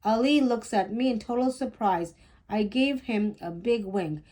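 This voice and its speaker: A woman reading a children's picture book aloud in a gentle, clear storytelling manner, hosting her own storytime. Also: fairly high pitch, a little slow. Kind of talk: children's read-aloud narration.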